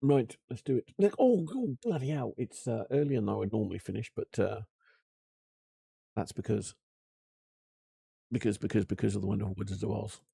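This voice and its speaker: A man commenting live on his game, swearing and muttering at it in an exasperated way. His voice is heavily gravelly and dark, and it jumps around in pitch. Faint music sits behind him. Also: expressive, moderate pace, pauses often, no room sound. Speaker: streamer.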